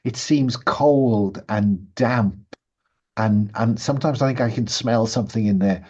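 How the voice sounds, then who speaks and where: A man's voice: fairly low pitch, measured pace. A man doing a stammering, frightened Saxon servant woman. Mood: nervous. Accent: Saxon-accented, as a stranger in the village. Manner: stammers and repeats words, hushed. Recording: dull lo-fi sound.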